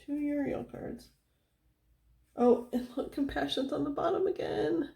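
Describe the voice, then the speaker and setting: Soft-spoken woman with a gravelly, mellow voice. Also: high-pitched, measured pace, roomy sound. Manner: giggly, chatty, soft-spoken, with frequent fillers. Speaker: tarot reader. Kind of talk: casual tarot reading.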